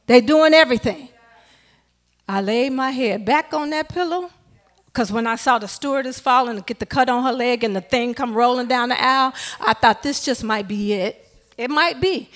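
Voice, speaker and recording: Woman elder, sermon in church, high voice, AAVE speech, talks straight to the congregation. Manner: lively, conversational, addresses congregation directly. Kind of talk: storytelling sermon. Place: church sanctuary.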